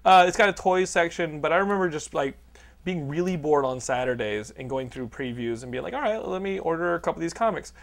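A man's voice: fairly high pitch, expressive, vocal fry. A man hosting a podcast in casual, joking chat, often profane and teasing. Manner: joking, profane, quick to tease. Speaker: podcast host.

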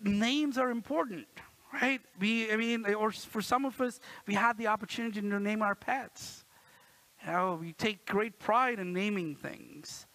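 A man in his thirties, a pastor, preaches a church sermon in a high, sharp voice at a slightly slow pace, captured in a low-quality recording. He's chatty and playful, often asking the congregation "right?" and acting out quotes with a raised voice.

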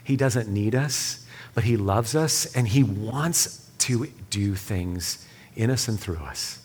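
A man's voice: on the low side, animated, slow pace, breathy edge. Earnest man preaching and praying. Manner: earnest storytelling, drops to soft hushed prayer. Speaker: speaker leading a church session. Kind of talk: sermon with prayer.

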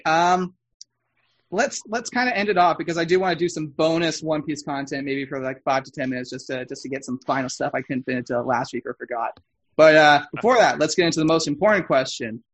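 A man's voice: a little high, fairly bright tone. A man hosting a podcast in casual chat, rambling with frequent fillers and restarts. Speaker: podcast host.

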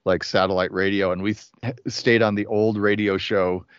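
A man's voice: deep voice, level tone, moderate pace, clean tone, no echo. A man appearing as a guest on a film podcast, chatting in an easygoing way and laughing often. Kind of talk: casual film discussion. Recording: dry, dull lo-fi podcast audio.

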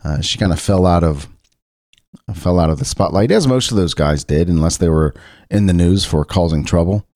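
A man's voice: low voice, normal speed, a little mellow, dry recording, studio quality. A man from Cincinnati, Ohio, hosting a casual solo talk show, rambling loosely with frequent restarts. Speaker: podcast host.

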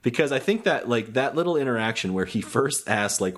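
A young adult man hosting a relaxed podcast chat about a cartoon episode, hesitant with many ums and frequent laughter. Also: mid-range voice, fairly quick. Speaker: podcast host. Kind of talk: casual chat.

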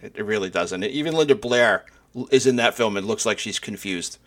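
A man's voice: fairly low pitch, a little fast, a bit bright. A man co-hosting a casual podcast, telling stories with wry, dry asides. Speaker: podcast co-host. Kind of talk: casual chat.

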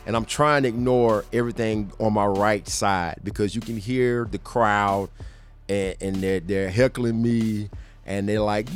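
Animated middle-aged man telling a story. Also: measured pace, soft background music. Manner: animated, acts out quotes with raised pitch; laughs and restarts often. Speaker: podcast host. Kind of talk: casual storytelling.

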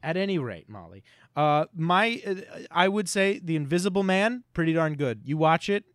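A man's voice: on the high side, animated, moderate pace, fairly bright tone, no echo, studio quality. A man co-hosting a podcast, rambling and joking casually, swearing now and then. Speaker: podcast co-host.

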